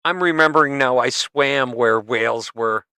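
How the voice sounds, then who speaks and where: A man hosting a livestream, reacting to animal videos with excited yelps, laughs and swearing. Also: medium pitch, normal speed, clear, resonant tone, no room sound. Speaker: livestream host reacting to clips. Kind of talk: casual reaction commentary.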